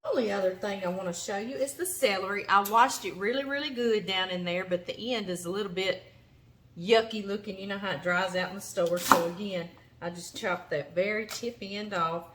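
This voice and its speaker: A woman's voice: mid-range voice, moderate pace, a bit bright. A woman with a Louisiana accent, hosting a home cooking show, chatting in a folksy way as she demonstrates knife work in her kitchen. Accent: Southern US, Louisiana. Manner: chatty, folksy, talks to the vegetables. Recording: chopping and kitchen noise behind.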